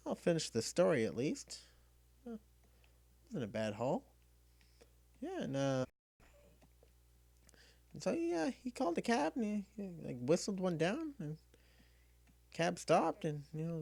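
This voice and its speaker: A man's voice: high voice, gravelly, a little mellow, dry recording. A man streaming a game, telling a story in a rambling, casual way, full of restarts, close and dry on the mic. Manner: rambling, many restarts and fillers. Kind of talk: casual storytelling while gaming.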